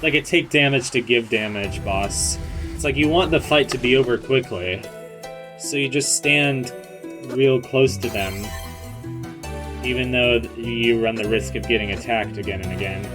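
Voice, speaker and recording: A man giving casual, rambling commentary as he plays a video game, with a middle-pitched voice. He keeps undercutting himself with self-mocking jokes. Loud game music plays behind him throughout. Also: moderate pace. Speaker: let's play host.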